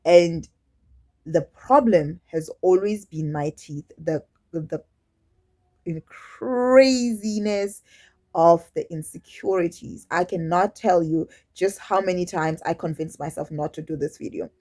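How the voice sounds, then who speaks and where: A woman speaks straight to her camera in a personal vlog, her voice sitting a little low. She talks candidly and haltingly, restarting sentences and slipping into quoted asides as she goes. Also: fairly even intonation, a little mellow. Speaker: YouTube vlogger.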